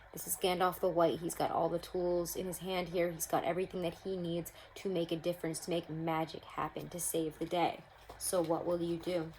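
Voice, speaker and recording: A woman's voice: on the low side, darkish tone, slight background noise, poor audio. Chatty woman reading tarot cards. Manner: chatty, upbeat, addresses viewers as guys. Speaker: tarot reader. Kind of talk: casual tarot reading to camera. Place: home room.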